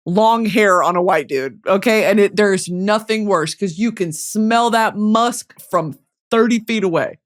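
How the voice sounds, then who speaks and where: A young woman hosting a podcast in a casual comedic monologue, profane and animated, jumping from loud outbursts to low mutters. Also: unhurried. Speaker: podcast host.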